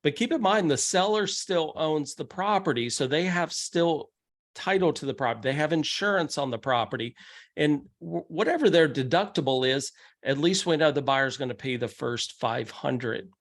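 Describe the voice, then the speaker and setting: In a meeting room, a man presents a real estate investing seminar, talking conversationally and acting out the people he quotes. His voice is a little high, with lively intonation and a normal speed.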